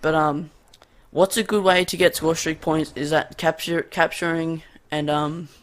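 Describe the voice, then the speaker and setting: An Australian gaming YouTuber gives casual, rambling commentary on his gameplay, hesitant and full of ums. His voice is a little high and bright, with little pitch movement and a measured pace, captured on a cheap USB condenser desk mic at his home gaming setup.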